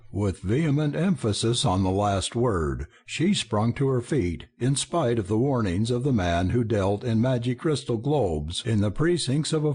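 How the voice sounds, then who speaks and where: Slow husky male audiobook narrator. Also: medium pitch, darkish tone. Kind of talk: scripted narration.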